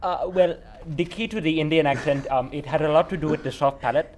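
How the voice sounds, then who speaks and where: A man's voice: a little high, fairly quick, background noise. A young man, a student actor, joking dryly in a casual interview.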